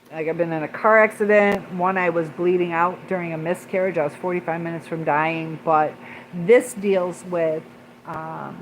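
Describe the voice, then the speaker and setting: A woman's voice: on the low side, a little hiss or hum, rough recording. Rambling woman chatting on a livestream. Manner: rambling, many fillers, pauses to read chat. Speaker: livestream host reading viewer comments. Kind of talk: casual livestream chat.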